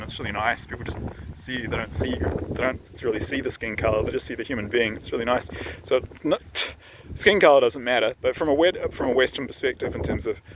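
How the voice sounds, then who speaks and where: A man vlogging outdoors, talking casually and rambling with many restarts and asides. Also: mid-range voice. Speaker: vlogger sharing dreams. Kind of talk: casual outdoor vlog monologue. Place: outdoors on a windy hillside. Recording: wind noise on the mic. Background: wind.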